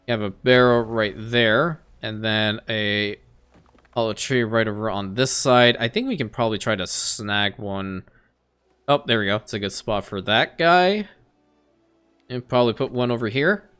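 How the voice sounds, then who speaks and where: A man giving casual let's-play commentary on a strategy game, excitable, talking to the game characters and laughing often. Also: fairly low pitch, moderate pace, clear, resonant tone. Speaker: gaming YouTuber.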